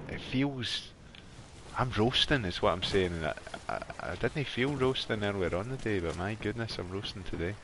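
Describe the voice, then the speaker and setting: Scottish male streamer, low voice, loose and talkative with his viewers, quick to laugh. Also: noisy background. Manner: chatty, laughs often, talks to viewers. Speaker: live game streamer. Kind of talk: casual live gameplay chat. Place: warm bedroom at home.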